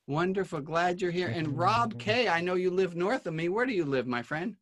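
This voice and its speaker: Man, video call host, friendly roll call, slightly high voice, computer mic. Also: lively intonation, normal speed, fairly bright tone. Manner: friendly, greets each guest by name. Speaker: host of an online class.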